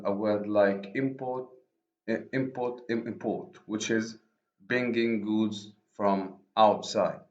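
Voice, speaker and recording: A lower-pitched man whose first language is Arabic lectures on poetry, slowly restating each point. His voice sounds roomy and echoey. The recording is dull and lo-fi. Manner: explains slowly, repeats and rephrases himself. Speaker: university lecturer.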